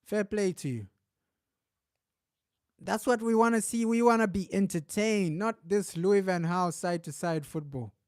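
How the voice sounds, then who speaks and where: High-voiced man in a football watch-along. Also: unhurried, clear, resonant tone, dry recording, clean studio sound. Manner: emotional, shifts from grumbling to shouting excitement. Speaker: fan reacting to a live match. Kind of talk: live watch-along commentary.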